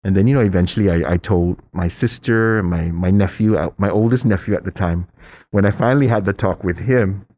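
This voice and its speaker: A middle-aged man telling a personal story in casual chat, hesitant with restarts, then animated as he acts out voices. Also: brisk. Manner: animated storyteller, acts out quoted voices with high pitch jumps; hesitant, many restarts and fillers.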